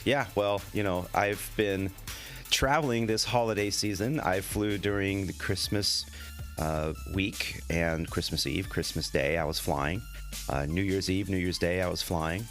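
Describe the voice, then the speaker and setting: A middle-aged man hosting a casual podcast chat, animated and jokey, with a slight head cold. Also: deep voice, a little slow, soft background music. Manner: animated, jokey, laughs often. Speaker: podcast host.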